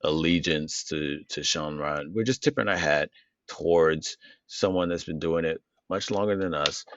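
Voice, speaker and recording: A man co-hosting an unscripted podcast, talking in a halting, casual way, restarting often and cursing. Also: very deep voice, muffled recording, a little hiss or hum. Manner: halting, restarts often, stutters when surprised; cursing, relaxed. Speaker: podcast co-host.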